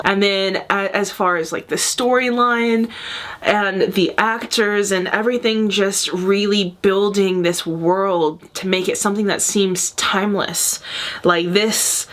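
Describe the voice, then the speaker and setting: Young woman in her 20s doing a reaction vid, kinda rambly and emotional, unhurried. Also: medium pitch, a bit bright. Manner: chatty and emotional, rambling with many fillers. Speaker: reaction video host. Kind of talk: casual reaction commentary.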